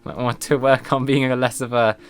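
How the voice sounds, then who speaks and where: A man's voice: mid-range voice, fairly even intonation, fairly quick, faint music behind, close to an everyday voice. A man voicing a hungry, cheeky male bird assistant in a video game, speaking in a teasing, casual way.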